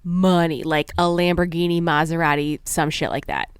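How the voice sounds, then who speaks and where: A woman in her thirties co-hosting a podcast, telling stories in a relaxed, chatty way with easy laughs. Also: low voice, moderate pace, smooth, no room sound. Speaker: podcast co-host. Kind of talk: casual chat.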